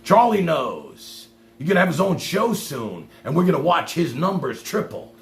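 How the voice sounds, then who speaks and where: A man's voice: a little high, lively intonation, brisk, gravelly. A man hosting a livestream and ranting at a caller in a sarcastic, profane, combative way. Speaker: livestream host. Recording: echoey room with faint hum.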